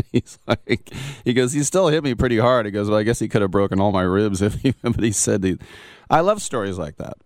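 Deep-voiced man telling rambling sports stories. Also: expressive, moderate pace, dry recording. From Bay Area. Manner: rambling anecdotes with chuckles and quoted voices. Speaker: sports radio host. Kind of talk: casual storytelling monologue.

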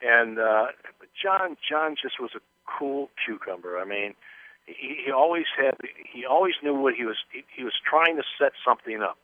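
A man's voice: medium pitch, animated, moderate pace, dry recording. An older man, a former football player, telling rambling anecdotes as an interview guest, with many restarts. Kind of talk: casual interview storytelling. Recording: tinny phone line.

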